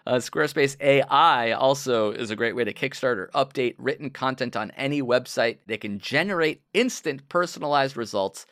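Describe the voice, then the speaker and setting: A man's voice: medium pitch, normal speed, hardly any pauses, fairly bright tone, dry recording, clean studio sound. A man co-hosting a podcast, reading a sponsor ad in a casual, jokey way. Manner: jokey, riffs during the ad read. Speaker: podcast co-host reading ads. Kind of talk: casual ad read.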